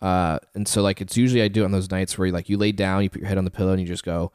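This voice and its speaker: A man's voice: deep voice, rapid-fire, few pauses, darkish tone, smooth, dry recording, studio quality. A man co-hosting a podcast, telling a story in casual chat with lots of fillers. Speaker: podcast co-host.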